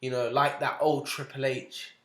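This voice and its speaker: A young man with a middle-pitched voice, chatting bluntly on a podcast. He swears, grumbles and mocks with a whiny put-on voice. The room adds a roomy echo. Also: level tone, normal speed, a bit bright. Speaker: podcast co-host. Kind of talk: casual chat.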